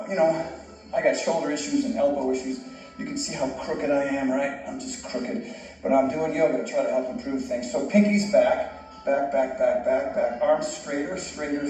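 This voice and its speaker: Upbeat male yoga instructor, slightly high voice, jokes at himself, echoey room, far from the mic. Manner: casual, encouraging, self-joking. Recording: echoey room, distant mic, soft music.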